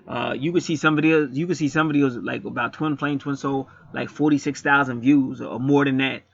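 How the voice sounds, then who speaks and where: Gravelly blunt man reading a chart. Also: medium pitch, brisk, lo-fi sound. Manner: animated, repetitive, preachy and blunt. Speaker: astrology and angel card reader. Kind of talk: casual spoken chart reading.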